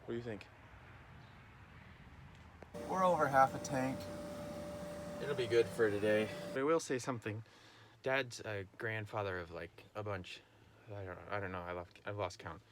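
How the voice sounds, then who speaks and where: A man's voice: fairly low pitch, moderate pace, long pauses, background noise. A young man, a farmer, talking casually to the camera in a vlog with chatty, joking asides. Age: young adult.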